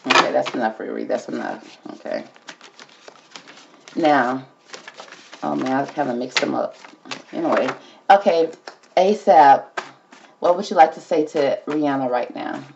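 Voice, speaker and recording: A woman with a rumbling low voice and vocal fry hosts a casual tarot reading, speaking unhurriedly with long pauses. She chats to the cards and calls everyone "girl." The audio has its highs cut off and a noisy background.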